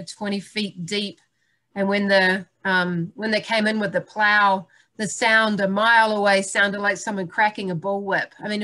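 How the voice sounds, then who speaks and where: A middle-aged woman gives a conference presentation on the land. She talks in a lively, chatty way at a mid pitch and jokes with the people listening. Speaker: soil health speaker.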